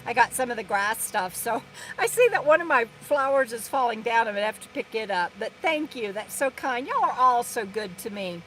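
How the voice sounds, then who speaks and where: A woman's voice: on the high side, animated, moderate pace, slight background noise, rough recording. A woman from Texas, chatting casually on a live stream from inside her RV and rambling through viewer comments. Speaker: vlogger hosting a live stream. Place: inside her RV in a parking lot. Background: loud trucks passing.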